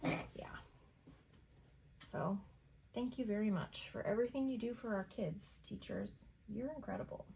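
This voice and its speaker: A woman's voice: mid-range voice, measured pace, vocal fry, long pauses, mellow, slight background noise. A middle-aged woman at home, chatting casually and rambling while she paints, laughing often. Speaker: art vlogger. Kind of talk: casual chat over painting.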